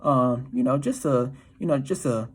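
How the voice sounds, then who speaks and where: A man's voice: mid-range voice, moderate pace. A man talking casually about dating in a profane, slangy, often laughing monologue. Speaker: dating advice commentator.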